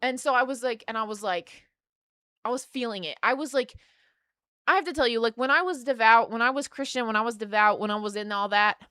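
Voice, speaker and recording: Young woman streamer, casual rambling chat, bright tone, dry close sound. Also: on the high side, fairly quick, no room sound. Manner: rambling, filler-heavy storytelling with restarts.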